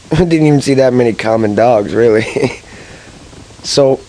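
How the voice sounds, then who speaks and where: A young man from Massachusetts telling a rambling, excitable personal story, full of fillers and chuckles. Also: medium pitch, a little slow, slight background noise, rough recording. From Massachusetts, USA. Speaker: gaming channel storyteller.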